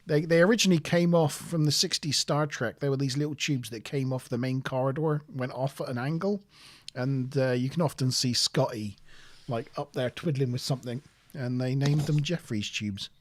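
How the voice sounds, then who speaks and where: A man's voice: medium pitch, moderate pace, no room sound. A man from southwest England with a West Country accent, co-hosting a casual show in a rambling, hesitant, self-deprecating way. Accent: West Country English. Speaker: co-host. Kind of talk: casual podcast chat.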